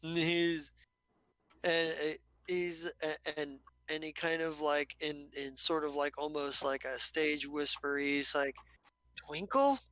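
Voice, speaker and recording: A man's voice: on the high side, monotone, slow pace, pushed and bright, clear, resonant tone, no echo, rough recording. A man narrating a tabletop game as game master, rambling with many restarts and casual swearing.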